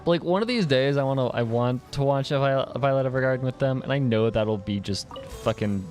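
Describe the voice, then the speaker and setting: A young man rambles through casual chat while he plays, laughing easily and tripping over restarts. His voice sits at an ordinary middle pitch, with faint game music playing behind him. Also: fairly quick, darkish tone. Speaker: streamer.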